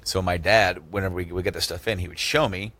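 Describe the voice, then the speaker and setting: A man's voice: sits low, fairly even intonation, quick pace, sharp tone. A man in his thirties hosting a podcast, telling a story in casual chat and acting out both sides with raised voices. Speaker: podcast host.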